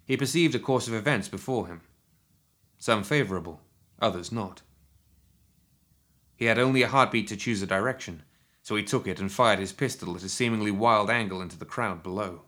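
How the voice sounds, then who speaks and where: A man narrating a written action story in a steady, measured storytelling manner. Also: fairly low pitch. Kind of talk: scripted audiobook narration.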